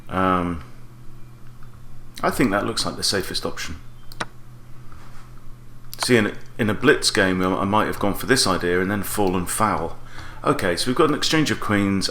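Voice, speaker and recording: A man with a very low voice talks through a chess game as he plays it, weighing each move out loud and catching his own mistakes. He sounds like he is in an echoey room, with a faint hum behind him. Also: expressive, normal speed. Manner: analytical, weighs moves out loud, self-correcting. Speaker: chess coach. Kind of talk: thinking aloud while playing a chess game.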